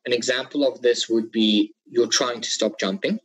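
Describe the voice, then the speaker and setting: Male trainer, husky voice, plain webinar lecture delivery. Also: mid-range voice, steady tone, moderate pace, low-quality recording. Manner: instructive, repeats key points, some fillers. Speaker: dog trainer.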